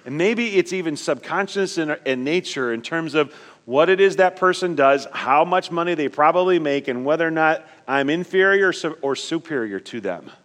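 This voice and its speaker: A pastor preaching from the pulpit, his fairly high voice swinging from emphatic, loud points to hushed, low asides. A long reverb hangs on his words, as in a large church hall. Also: expressive, moderate pace. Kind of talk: sermon.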